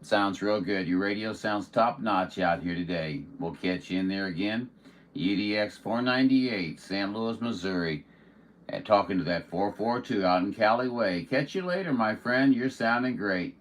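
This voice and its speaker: A man chatting on CB radio as the host of a livestream, friendly, with drawn-out radio sign-offs, speaking from indoors at home. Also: lowish voice. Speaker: CB radio operator hosting a livestream. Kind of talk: casual CB radio chat.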